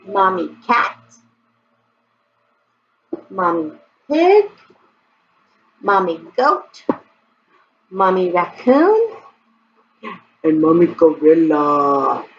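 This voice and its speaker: A woman's voice: on the low side, drawn-out words, pauses often. A woman teaching toddlers in a singsong, exaggerated way, recorded with dull lo-fi sound. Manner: exaggerated, animated, sing-song. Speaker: preschool teacher. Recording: dull lo-fi sound, faint background noise.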